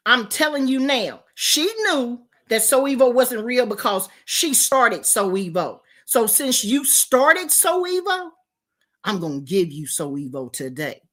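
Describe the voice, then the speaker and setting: Brief: older woman, high voice, animated and profane streamer rant. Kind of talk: livestream rant.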